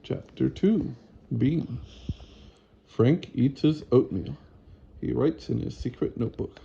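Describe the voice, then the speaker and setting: A man reading a children's storybook aloud in a gentle, unhurried way. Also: medium pitch, gravelly, lo-fi sound, slight background noise. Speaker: storybook reader.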